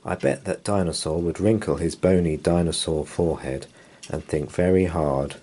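A man reading a children's bedtime story aloud in a gentle, expressive way. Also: deep voice, normal speed, slight background noise.

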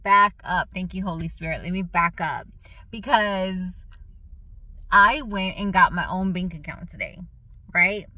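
A woman in a casual faith testimony vlog, talking excitedly while chewing gum and repeating phrases for emphasis. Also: fairly low pitch, measured pace, no echo, low-quality recording. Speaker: vlogger sharing a faith testimony.

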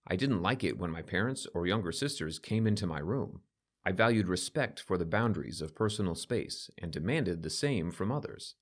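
A man narrates a scripted personal story in a confiding tone. His voice is fairly low and husky. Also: animated, moderate pace.

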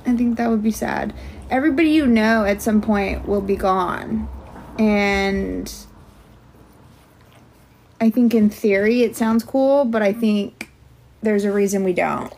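A woman's voice: medium pitch, a little slow, long pauses, darkish tone, a little hiss or hum. A young woman chatting casually on a livestream from home, rambling with lots of filler words.

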